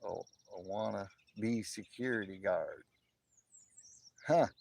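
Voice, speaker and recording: A man's voice: fairly low pitch, takes it slowly, vocal fry, a little mellow. A middle-aged man chatting casually to live viewers from outdoors on his phone, laughing often. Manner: chatty, laughs often, jokey put-on voices. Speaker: livestream host. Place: outdoors in morning sun.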